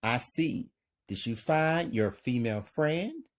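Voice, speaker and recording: A man reading the lines of a polite, calm woman in a husky voice, pitched a little up. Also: slow pace, full character voice. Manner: polite, calm, slightly raised voice. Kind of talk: amateur script read-aloud.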